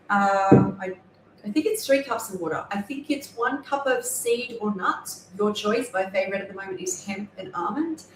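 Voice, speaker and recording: A woman's voice: a little high, a bit bright, slight background noise. A woman hosting a casual cooking livestream from her kitchen, explaining as she goes and often correcting herself. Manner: rambling, self-correcting explanations. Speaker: livestream host. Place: home kitchen. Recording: echoey room with faint ambience.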